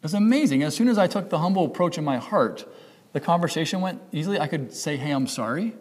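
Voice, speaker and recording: Husky pastor preaching in an echoing hall. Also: male voice, a little high, expressive, fast, a little mellow. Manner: conversational, self-correcting, acts out quoted inner voices. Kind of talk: sermon.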